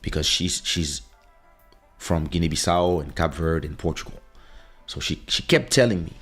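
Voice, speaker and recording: A man's voice: low-pitched, expressive, moderate pace, fairly bright tone, breathy edge, faint music behind. A man hosting a podcast, telling a rambling personal anecdote in a loose, casual way. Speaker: podcast host. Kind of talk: casual storytelling. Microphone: studio podcast microphone.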